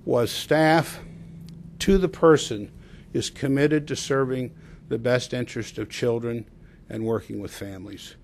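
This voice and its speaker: Guy running a public agency giving his report to the board, mid-pitched voice, earnest, lots of uh pauses. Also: a little hiss or hum. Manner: measured and earnest, with frequent "uh" pauses. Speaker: agency director. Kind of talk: formal progress report to a public commission.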